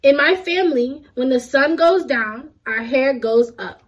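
A woman's voice: high-pitched, unhurried, low-quality recording. A young woman, a university student, reading a children's picture book aloud in a friendly way. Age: young adult. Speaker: student storybook reader.

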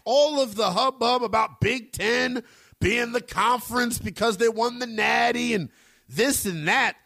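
A man hosting a college sports radio show, talking with big swoops in pitch and slangy emphasis. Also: measured pace, creaky, bright, forceful tone, dry recording, studio quality. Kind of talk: energetic sports talk radio.

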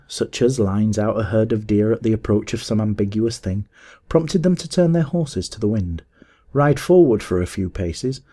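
A man with a fairly low voice reads an old adventure tale aloud. He keeps an even, measured storytelling pace through the narration. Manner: measured, even storytelling that rises to shouts in dialogue. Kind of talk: audiobook reading of a classic story.

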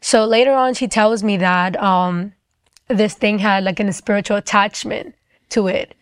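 A young woman recounts a personal testimony in a chatty, fast way, filling her sentences with "like." Her voice is mid-pitched, and the recording is dry and close. The delivery is casual and conversational throughout. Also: fairly even intonation, smooth, no room sound. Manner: quick, chatty, full of "like" fillers. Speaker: storyteller sharing a personal faith testimony.

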